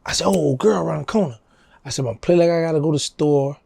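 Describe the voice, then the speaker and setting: Gravelly New Orleans man telling stories. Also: very fast, no room sound, studio quality. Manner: animated storyteller, acting out quotes in a higher voice. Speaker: interview guest. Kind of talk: casual storytelling.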